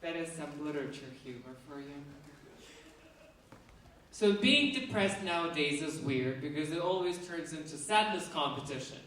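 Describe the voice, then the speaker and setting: A woman from Russia, delivering a deadpan, absurd stand-up comedy set on a university theatre stage. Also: sits low, normal speed. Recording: echoey theatre, mic far off.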